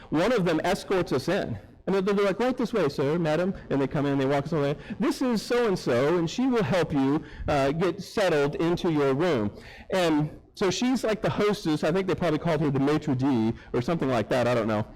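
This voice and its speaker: A man preaching a sermon, telling a story in an animated way and acting out the people in it. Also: a little high, poor audio. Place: church sanctuary.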